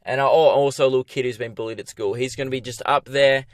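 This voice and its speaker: A young Australian man hosting his podcast, telling a comic story in an animated, profane, self-mocking way. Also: medium pitch, quick pace, no echo, clean studio sound. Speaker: comedian and podcast host.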